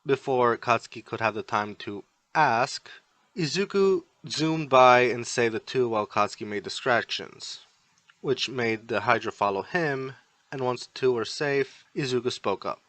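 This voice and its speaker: A man's voice: mid-range voice, normal speed, a bit bright, dry recording. Man reading a fan story aloud. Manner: plain storytelling, repeated "he would say". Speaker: fan fiction reader.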